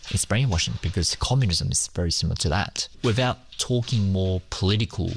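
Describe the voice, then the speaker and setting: A man from Hong Kong, a school teacher, answering interview questions hesitantly with many pauses and fillers. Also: low-pitched, vocal fry, a little hiss or hum.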